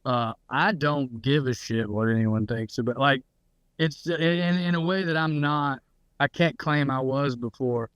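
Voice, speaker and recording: Smooth-voiced man telling stories casually. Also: mid-range voice, unhurried, a bit bright, no room sound, muffled recording. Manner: storytelling, swears freely, puts on voices when quoting people. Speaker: podcast co-host. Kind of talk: casual chat.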